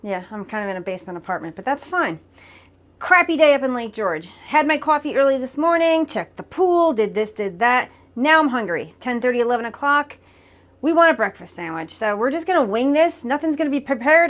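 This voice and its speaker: A woman's voice: high-pitched, very animated, moderate pace, a bit bright. A woman talking casually as she cooks in her home kitchen, narrating each step of a cooking demo as she goes. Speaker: cooking vlogger.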